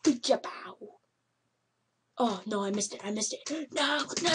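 A woman giving excitable, yelping commentary over a game she is playing. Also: on the high side, unhurried, pauses often, a little hiss or hum. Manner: excitable, yelps and laughs at the game. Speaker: gameplay commentator. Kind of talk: let's play commentary.

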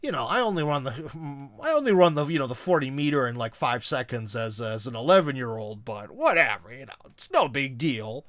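A man's voice: medium pitch, fairly quick, few pauses, fairly bright tone, dry recording, pitched below the performer's own voice, lightly acted. A man putting on the voice of an ordinary guy who humble-brags in a falsely modest, shrugging way. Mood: mock-modest. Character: a humble-bragging ordinary man playing down his feats.

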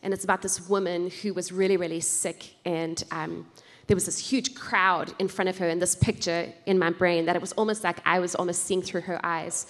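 Woman, heartfelt testimony, lower pitch, long hall reverb. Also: little pitch movement, normal speed. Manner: earnest, heartfelt. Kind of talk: testimony at a conference. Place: large conference hall.

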